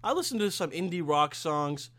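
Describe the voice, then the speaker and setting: A young man hosting a casual solo podcast, rambling and swearing freely, with sudden loud outbursts. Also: a little high, expressive, normal speed. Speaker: podcast host.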